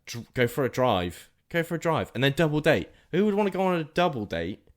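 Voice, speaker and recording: A man's voice: fairly high pitch, big pitch swings, brisk. A man from England co-hosting a podcast, teasing his friend and laughing easily. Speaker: podcast co-host. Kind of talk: casual chat.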